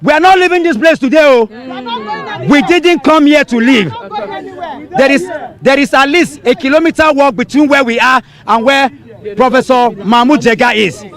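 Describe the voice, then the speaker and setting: A man with a Nigerian accent leading a street protest, declaiming demands to the crowd with forceful repetition. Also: very high voice, normal speed. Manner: forceful, declaiming, repeating lines for emphasis. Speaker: protest leader.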